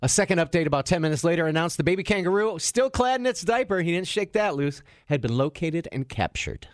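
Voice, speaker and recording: A man's voice: fairly high pitch, animated, fast talker, no echo, clean studio sound. A man hosting a radio morning show, reading odd news stories aloud and cracking jokes between the lines. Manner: jokey, reads stories aloud with wisecracks. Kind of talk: casual radio banter, reading news items.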